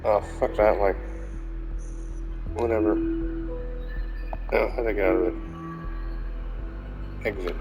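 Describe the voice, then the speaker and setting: A man's voice: fairly low pitch, steady tone, slow pace, pauses often, poor audio. A young man giving casual, rambling commentary while playing a video game, swearing now and then. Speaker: gamer. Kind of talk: casual let's-play commentary. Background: game music.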